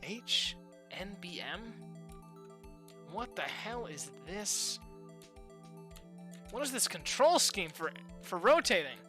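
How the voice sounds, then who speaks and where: A game streamer giving live, frustrated, swearing reactions while playing. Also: medium pitch. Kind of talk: live-stream gameplay commentary.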